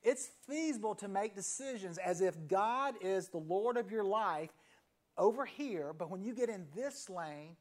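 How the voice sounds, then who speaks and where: A man in his fifties preaching a sermon as a pastor, telling a story in a conversational way and letting key phrases sink to a hushed near-whisper after pauses. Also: high-pitched, expressive. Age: 50s.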